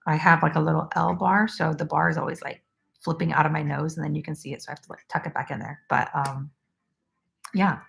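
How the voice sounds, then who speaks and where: A woman's voice: low-pitched, little pitch movement, fairly quick, vocal fry. A woman in her twenties chatting casually on a crochet livestream, reading out viewer comments and talking loosely with lots of "like". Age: 20s. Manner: chatty, uses "like" often, laughs easily.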